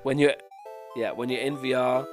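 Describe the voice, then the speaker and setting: A man's voice: mid-range voice, steady tone, moderate pace, over music. Sick, nasally young man. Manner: rambling, loses his train of thought. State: sick with a bad cold, sleepless. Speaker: podcast co-host. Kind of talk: casual chat.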